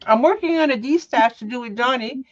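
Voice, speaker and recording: A woman's voice: high voice, a little fast, highs cut off, crowd noise. A woman co-hosting a live sale, reading out buyers and lots in short, casual bursts. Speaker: sale co-host tracking buyers. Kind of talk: casual chat.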